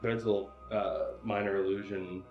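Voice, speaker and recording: A tabletop player rambles casually about the fight, stumbling and swearing freely. Soft music plays underneath. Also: deep voice, steady tone, a little slow, reverberant, phone-quality sound. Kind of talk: casual play at a tabletop game.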